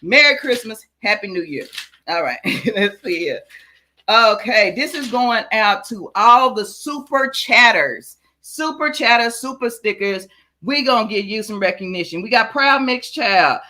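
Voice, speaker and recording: A woman's voice: medium pitch, lively intonation, unhurried, pushed and bright. A woman hosting a livestream giveaway, reading out supporters' names in a hyped, sing-song way. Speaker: channel host. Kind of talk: livestream giveaway shout-outs.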